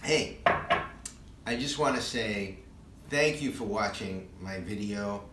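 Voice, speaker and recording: A man's voice: fairly low pitch, takes it slowly, fairly bright tone, slight background noise. A man giving a motivational leadership talk to camera, telling stories and stressing key words. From New York. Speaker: leadership speaker. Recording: echoey room, mic at a distance.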